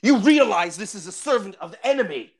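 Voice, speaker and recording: A man's voice: high voice, big pitch swings, a little fast, pitched above the performer's own voice, exaggerated voice. A man voicing Talendale, a stern, grim warrior who scorns farmers and threatens with his sword. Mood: scornful. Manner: grave, scornful, commanding.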